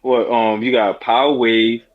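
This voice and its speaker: A man's voice: mid-range voice, flat delivery, unhurried, phone-quality sound. A man co-hosting a podcast, chatting casually and slangily during a game and getting defensive when teased. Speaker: podcast co-host. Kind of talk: casual chat during a game watch-along.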